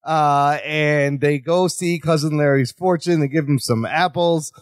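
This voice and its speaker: A man's voice: on the high side, measured pace, dry recording, clean studio sound. A man co-hosting a podcast, chatting casually and acting out lines from an episode with frequent laughs. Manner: animated, laughs often, acts out quotes. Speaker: podcast co-host. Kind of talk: casual recap chat.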